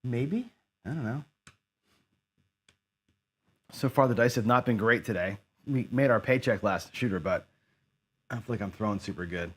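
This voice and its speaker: A man talking his way through a dice game on a live stream. His voice sits at an ordinary middle pitch. He mutters to himself, greets viewers in the chat and keeps up a loose running commentary. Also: normal speed, long pauses. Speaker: craps streamer. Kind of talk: casual live-stream commentary while playing.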